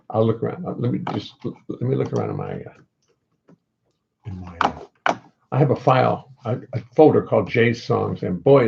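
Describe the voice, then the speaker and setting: Gravelly man rambling between songs. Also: medium pitch, highs cut off. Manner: rambling, self-deprecating, halting. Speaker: jazz bassist and singer. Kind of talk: casual chat between songs on a livestream.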